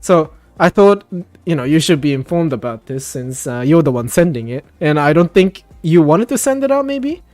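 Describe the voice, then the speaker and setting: A man's voice: a little high, very animated, moderate pace, darkish tone, no room sound, soft background music. Profane, laughing man in voice chat. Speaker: streamer hosting a voice chat. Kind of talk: casual voice-chat banter.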